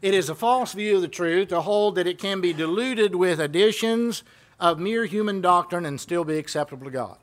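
Male preacher, somewhat high voice, chatty sermon full of questions to the flock. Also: normal speed. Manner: conversational, retells exchanges and asks rhetorical questions.

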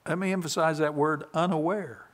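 A man preaching a sermon, reading scripture quietly and then building to loud, emphatic passages. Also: on the high side, expressive, slow.

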